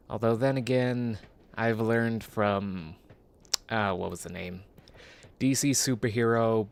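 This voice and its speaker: A man's voice: fairly low pitch, a little hiss or hum. A man streaming a game, musing in a casual, rambling way with self-mocking asides. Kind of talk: casual rambling gameplay commentary.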